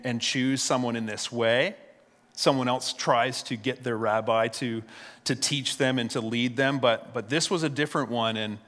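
A man's voice: mid-range voice, fairly bright tone, long reverb tail. A male pastor retelling a story in a sermon, casual and conversational, often repeating a word as he restarts.

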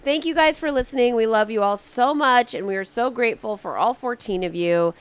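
A woman's voice: a little high, a little fast, clear, resonant tone. Sarcastic joking woman podcast co-host. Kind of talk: casual podcast chat.

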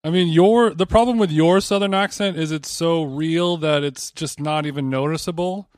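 A man with a fairly high voice trades jokes with his co-host in loose podcast banter, often wandering off into long tangents. The sound is close and dry, with no room around it. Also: moderate pace, darkish tone, no echo. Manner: joking, rambling tangents. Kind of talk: casual banter.

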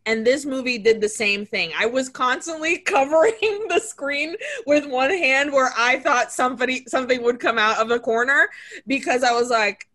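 A woman's voice: sits high, moderate pace, fairly bright tone. A woman co-hosting a podcast, chatting casually and animatedly about a horror film, often laughing and acting out lines. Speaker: podcast co-host.

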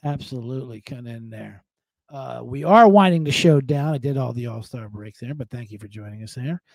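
A man's voice: mid-range voice, normal speed, vocal fry, a little mellow, dry recording. A man hosting a podcast from home, talking in a casual solo monologue with profane, jokey, rambling asides. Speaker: podcast host.

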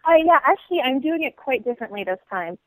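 A woman actress and model chatting as an interview guest, bubbly and quick to laugh. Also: sits high, lively intonation, dry recording, poor audio. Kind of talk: casual interview chat.

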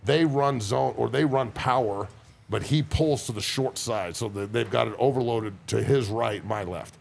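A man's voice: medium pitch, normal speed, gravelly, slight background noise. A man and former football player chatting on a podcast as a guest, telling rowdy, profane stories. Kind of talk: casual podcast chat.

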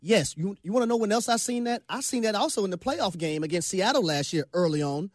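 A man with a notably high voice co-hosts sports talk radio in a studio. He drives his points home emphatically, repeats himself and leans on folksy sayings, all on a dry, close mic. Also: lively intonation, fast talker, dry recording. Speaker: radio show co-host.

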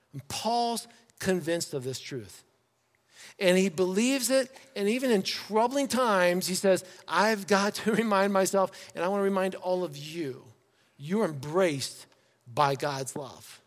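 A male pastor with a high voice delivers a sermon in a reverberant church sanctuary. His preaching is conversational and animated, complete with acted-out quotes.

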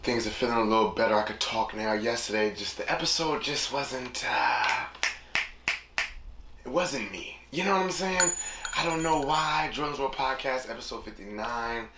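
A man's voice: mid-range voice, moderate pace, echoey room, noisy background. A young man hosting a casual solo podcast, talking in a loose, rambling, reflective way and leaning on repeated catchphrases. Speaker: podcast host.

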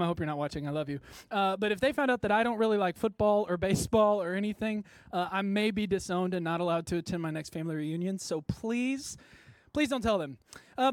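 A worship pastor from Texas gives a chatty, self-deprecating sermon to a church congregation, with many fillers and frequent laughs. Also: male voice, high voice, dry recording. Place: church service before a congregation.

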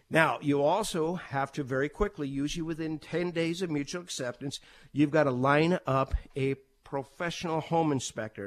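A middle-aged man with a slightly raised voice walks through home buying step by step. He speaks as a realtor, plain and practical, with a few fillers here and there. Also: on the high side. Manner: plain, practical, steady explaining with occasional fillers.

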